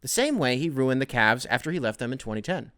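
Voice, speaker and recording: A man's voice: medium pitch, lively intonation, quick pace, fairly bright tone, clean tone, no room sound, studio quality, close to an everyday voice. A man putting on an impression of a pompous, outraged male TV pundit who rants theatrically. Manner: indignant, theatrical, ranting.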